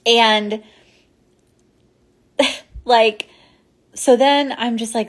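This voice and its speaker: A woman's voice: a little high, slow pace, pauses often. A woman telling a personal ghost story in a casual, rambling way, full of fillers and restarts. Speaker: podcast host.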